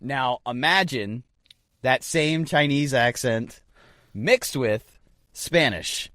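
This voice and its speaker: A man's voice: mid-range voice, takes it slowly, pushed and bright, dry recording, clean studio sound. A man co-hosting a casual podcast, rambling through jokes and riffs, calling his partner man and dude. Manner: rambling, riffs with jokes and bits of mock voices. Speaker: podcast co-host.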